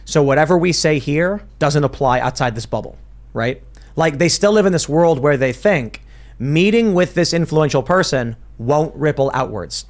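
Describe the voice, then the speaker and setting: Man, podcast host, political panel talk, argumentative, thinks aloud, frequent restarts, slightly high voice. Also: expressive, normal speed.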